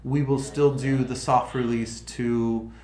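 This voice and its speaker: A man's voice: mid-range voice, level tone, takes it slowly, reverberant, crowd noise. A man hosting a casual livestream, thinking aloud with frequent restarts as he explains how a project is going. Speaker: livestream host.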